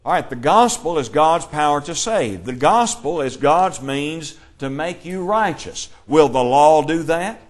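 Man teaching a measured Bible class. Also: fairly high pitch, expressive. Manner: measured, explanatory, reads scripture aloud.

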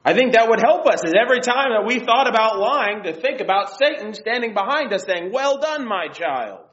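Woman, Bible teacher, earnest devotional lesson, animated pitch, dull lo-fi sound. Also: fairly quick. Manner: earnest, reads scripture aloud. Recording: dull lo-fi recording.

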